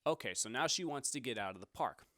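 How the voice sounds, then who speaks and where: A man's voice: mid-range voice, lively intonation, fast talker, bright, forceful tone, no echo, studio quality. Rambling young man telling a story. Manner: rambling, self-correcting. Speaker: podcast host. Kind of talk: casual storytelling.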